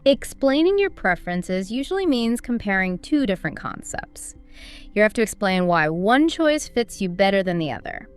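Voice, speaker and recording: A woman with a smooth, polished voice co-hosts a scripted English lesson. She explains things in an upbeat, teacherly way over faint background music. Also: mid-range voice, very animated, normal speed. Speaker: co-host of an English speaking course.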